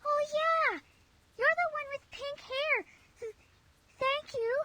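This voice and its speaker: A woman voicing a shy, lonely little girl in a fantasy game, halting and timid, heard as quiet distant game audio. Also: very high-pitched, heavily acted.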